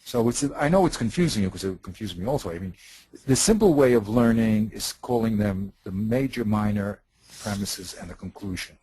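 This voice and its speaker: A man's voice: fairly low pitch, animated, moderate pace, warm tone, breathy edge, dry recording, rough recording. A man teaching in a study session, patiently explaining a text, repeating himself and checking that his partner follows.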